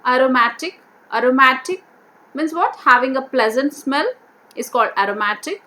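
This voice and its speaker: A woman teacher going through a vocabulary worksheet, repeating each word and slowly sounding out its syllables. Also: high-pitched, bright, forceful tone. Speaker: English teacher.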